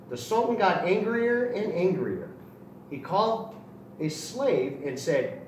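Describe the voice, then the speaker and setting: A man reading a children's story aloud with lively, expressive storytelling. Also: high voice, takes it slowly. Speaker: storybook reader for a kids' outreach channel. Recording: roomy echo, distant mic, faint noise.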